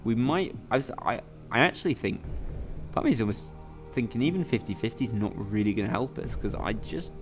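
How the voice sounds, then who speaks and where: A man's voice: medium pitch, fairly quick, over music. Chatty man hosting a quiz stream. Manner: chatty, rambling, lots of "you know" fillers. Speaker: quiz game host and player. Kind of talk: live-streamed quiz play-through commentary.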